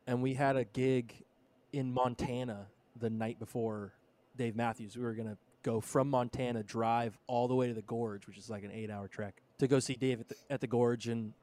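Man, thirties, podcast co-host, laid-back storyteller, relaxed chat, mid-range voice. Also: mid-range voice, normal speed. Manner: laid-back storyteller, lots of "dude" and "bro". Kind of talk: casual chat.

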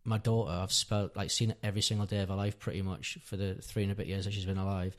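Deep-voiced and flat in delivery, this man talks fast as he recounts a long personal story. He's a podcast guest and father around his thirties, rambling casually and earnestly correcting himself.

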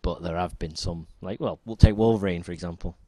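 A man with a very low voice co-hosts a casual podcast, easing through his points with plenty of ums. The recording is close and dry, with no room sound. He keeps an unhurried, chatty pace. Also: dry recording. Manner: relaxed, rambling with many ums. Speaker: podcast co-host. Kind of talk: casual chat.

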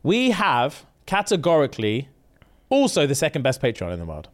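A man's voice: a little high, moderate pace. A man co-hosting a casual podcast, joking around and riffing on ad reads. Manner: jokey, animated, drifts into mock voices. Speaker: podcast co-host.

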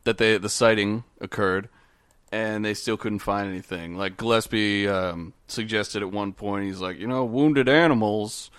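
A man's voice: fairly low pitch, fairly even intonation, moderate pace, fairly bright tone, clear, resonant tone, no room sound, clean studio sound. A man hosting a podcast, telling a story in casual chat, rambling with many fillers and restarts. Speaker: podcast host.

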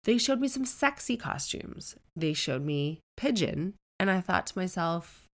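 A woman's voice: on the low side, big pitch swings, a little slow, hardly any pauses. A woman in her thirties telling a chatty, self-deprecating personal story full of comic digressions. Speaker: celebrity storyteller.

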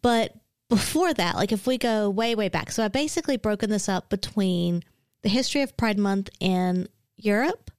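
A woman's voice: medium pitch, animated, moderate pace, smooth, no room sound, studio quality. A woman co-hosting a podcast, explaining history notes in a chatty way with frequent fillers. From Australia. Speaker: podcast co-host. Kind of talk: casual podcast chat, presenting history notes.

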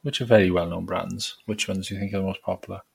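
A man co-hosting a podcast, quizzing the others in a relaxed casual chat. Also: deep voice, quick pace, gravelly, husky. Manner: relaxed quiz-style prompting. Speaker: podcast co-host.

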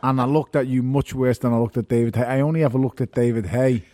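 A man's voice: medium pitch, fairly even intonation, fast talker, warm tone, no room sound. A man speaking as a guest, frank and reflective.

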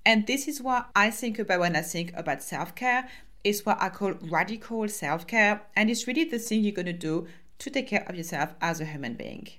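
A woman's voice: medium pitch, animated, normal speed, fairly bright tone. A woman with a French accent hosting her own podcast as a life coach. She talks in an upbeat, encouraging way and often lists things. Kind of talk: solo podcast monologue.

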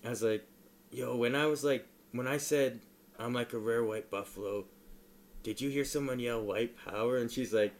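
A man telling a stand-up story in casual chat, laughing often, filling with "like" and moving from low mumbling to loud excited retelling. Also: moderate pace. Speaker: stand-up comedian.

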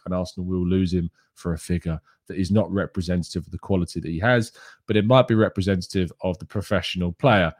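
A man hosting a football show from home, reading viewer questions and talking in a subdued, low register with plenty of casual fillers. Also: a little mellow, no room sound, clean studio sound. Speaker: football podcast host. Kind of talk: live-stream chat about football, reading viewer questions.

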